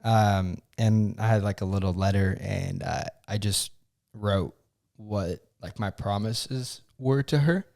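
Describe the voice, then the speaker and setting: A man's voice: fairly low pitch, takes it slowly, creaky, a little mellow. A young man co-hosting a podcast, telling a story earnestly and emotionally, with many fillers and restarts. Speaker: podcast co-host. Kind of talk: casual chat.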